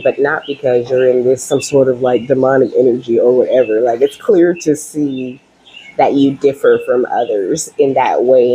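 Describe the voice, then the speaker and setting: A woman's voice: very deep voice, mellow, husky, dull audio. A woman giving a casual spiritual tarot reading to her viewers, chatty and reassuring, often tagging her lines with "okay?" and "you know?". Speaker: tarot reader.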